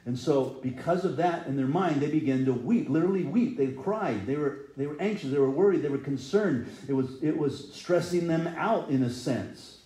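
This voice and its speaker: A man's voice: a little high, moderate pace, hardly any pauses, warm tone, reverberant, low-quality recording. A middle-aged man preaching a sermon earnestly, sometimes acting out people's cries. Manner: earnest, rises and falls in intensity, acts out quoted cries. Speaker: pastor. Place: church sanctuary.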